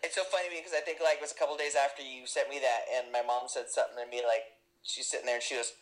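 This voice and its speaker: A woman's voice: very deep voice, fairly even intonation, rapid-fire, poor audio. A woman co-hosting a casual podcast, blunt and teasing in her banter. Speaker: podcast co-host.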